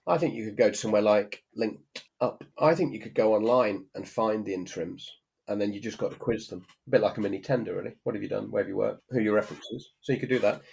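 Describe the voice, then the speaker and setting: A man's voice: on the low side, fast talker, vocal fry, a little mellow, breathy edge. A middle-aged man co-hosting a podcast in casual chat, emphatic and anecdotal, acting out quoted exchanges. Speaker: podcast co-host.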